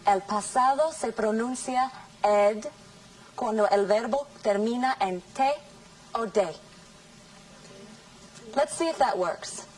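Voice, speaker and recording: A woman teaching English in a scripted classroom lesson, saying model sentences slowly and carefully. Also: on the high side, a little mellow, distant mic, rough recording. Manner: slow, careful, over-articulated model sentences.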